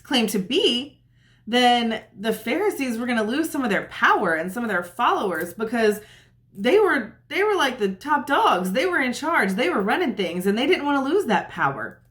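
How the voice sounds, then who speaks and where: A woman's voice: on the high side, very animated, moderate pace, a bit bright. A woman retelling a Bible story in a chatty, casual way, often saying "like" and acting out what the characters say. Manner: chatty, uses "like" often, acts out quotes. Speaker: Bible teacher.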